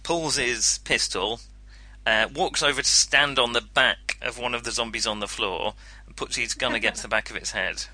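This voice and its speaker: A man's voice: mid-range voice, moderate pace, sharp tone, dry recording. A man narrating a tabletop horror game as game master, chatty, with frequent ums and laughs.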